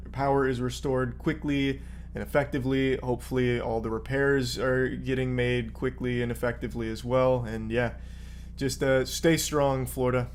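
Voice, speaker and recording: Male commentary host, even mid voice, mock-serious rambling delivery. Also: medium pitch, a little hiss or hum. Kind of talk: casual video commentary. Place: Florida home.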